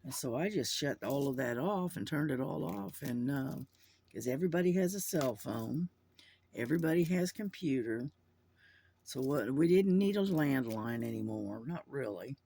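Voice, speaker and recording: A man's voice: mid-range voice, lively intonation, moderate pace, vocal fry, mellow. A man chatting casually to his camera at home, rambling with lots of fillers and restarts. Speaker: vlogger. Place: at home indoors. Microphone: camera mic.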